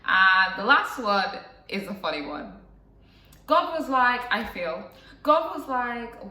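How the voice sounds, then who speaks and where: A woman's voice: medium pitch, very animated, takes it slowly, pushed and bright, roomy sound, far from the mic. A young woman telling a personal story to camera in a casual, rambling way, with lots of fillers and asides. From England. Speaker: vlogger.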